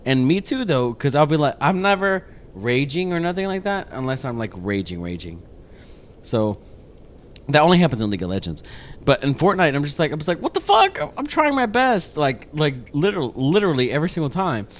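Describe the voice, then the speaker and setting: A man's voice: fairly high pitch, brisk. A man co-hosting a podcast in casual chat, telling a rambling story full of swearing. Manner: animated, rambling, swears a lot. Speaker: podcast co-host.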